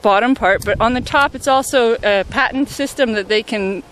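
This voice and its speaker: A woman representing a saddle maker, explaining products quickly and casually and laughing easily. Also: on the high side, fairly bright tone, a little hiss or hum.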